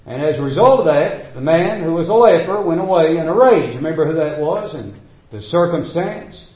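Preacher guy, high-ish voice, keeps repeating lines for emphasis, echoey dull church sound. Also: lively intonation, normal speed. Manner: reads scripture in old-fashioned wording. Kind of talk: sermon.

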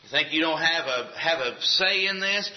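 A man's voice: fairly high pitch, animated, normal speed. A man preaching a sermon with an emphatic, repetitive cadence. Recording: echoey, dull lo-fi room sound.

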